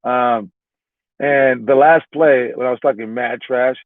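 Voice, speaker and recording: Rambling basketball coach on a tinny line. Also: male voice, medium pitch, fairly even intonation, measured pace, no room sound. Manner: rambling, repeats words, keeps adding "all right?". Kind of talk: casual motivational talk to young players. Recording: narrow phone-like sound, dry.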